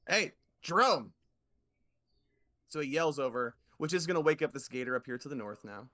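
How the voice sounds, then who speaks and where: A man's voice: mid-range voice, fast. A man narrating a tabletop game as game master in a rambling, laid-back way.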